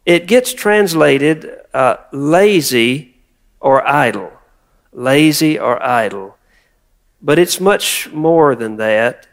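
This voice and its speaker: A man's voice: on the high side, animated, takes it slowly. A man preaching a sermon, reading scripture and prompting the congregation to repeat words. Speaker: pastor.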